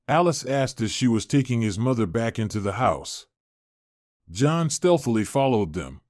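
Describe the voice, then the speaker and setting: Male storyteller, mid pitch, steady scripted narration, dry. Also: normal speed, no room sound.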